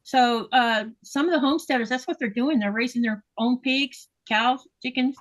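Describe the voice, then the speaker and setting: A woman's voice: a little high, moderate pace. A woman hosting a casual livestream, chatting with guests and reading viewer comments aloud. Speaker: livestream host. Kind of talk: casual live chat.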